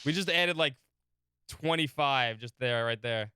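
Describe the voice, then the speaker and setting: A man chats casually as he streams a game, joking around and keeping count. His voice is bright, clear and slightly high, recorded close and dry. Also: unhurried, dry recording. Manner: chatty, joking, counting along. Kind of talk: casual game livestream commentary.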